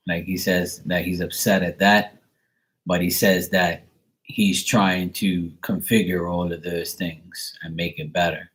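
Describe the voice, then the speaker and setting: Husky low-voiced guy doing a psychic reading, rambles a lot, says like constantly. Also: little pitch movement, measured pace, a bit bright, poor audio. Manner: rambling, filler-heavy, casual swearing. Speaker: psychic reader.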